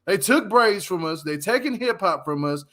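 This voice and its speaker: A man's voice: high-pitched, lively intonation, moderate pace, pushed and bright. A man hosting a casual commentary show, ranting bluntly and with a lot of swearing while speaking straight to his viewers. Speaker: commentary channel host.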